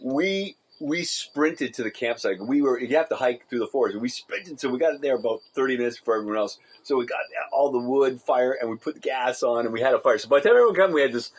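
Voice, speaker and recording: A man's voice: mid-range voice, fast, hardly any pauses, breathy edge, low-quality recording. A man co-hosting a casual podcast, telling stories animatedly and acting out the people in them with laughs. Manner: animated storyteller, acts out quoted teachers with shouts and laughs. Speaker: podcast co-host. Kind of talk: casual storytelling chat.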